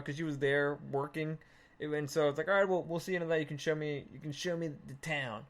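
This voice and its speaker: A man's voice: on the high side, fast talker. A man co-hosting a casual chat, telling a story with animation and plenty of swearing, acting out the quotes. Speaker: podcast co-host.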